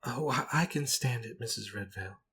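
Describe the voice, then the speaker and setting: A man voicing a timid, frightened young female companion who speaks softly and tearfully, hesitating as she goes. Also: medium pitch, fast, natural voice.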